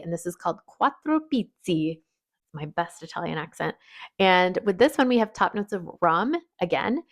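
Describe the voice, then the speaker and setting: A woman fragrance reviewer chatting casually as she lists perfume notes, chatty and self-deprecating. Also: fairly low pitch. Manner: chatty, rattles off lists, laughs at own French.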